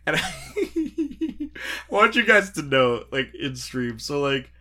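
A man, telling stories in a casual chat, animated and laughing as he acts out quotes. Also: on the high side, slow pace.

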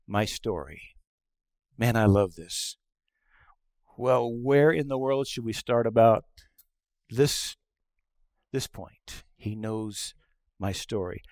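A middle-aged male pastor delivering a conversational sermon, telling stories and acting out quoted lines, moving between hushed asides and loud exclamations. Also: mid-range voice, slow, pauses often, no room sound, studio quality. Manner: conversational storytelling with acted-out quotes.

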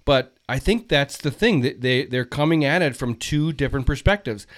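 A man with a middle-pitched voice talks casually about films. He muses and circles around his views, often hesitating mid-thought. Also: animated, normal speed. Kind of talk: casual chat.

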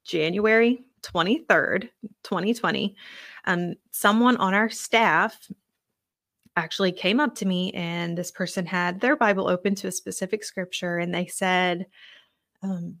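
A woman's voice: fairly low pitch, a little slow, fairly bright tone, no room sound, studio quality. Earnest young woman sharing a testimony. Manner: earnest, conversational, many fillers. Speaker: podcast host. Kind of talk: personal faith testimony storytelling.

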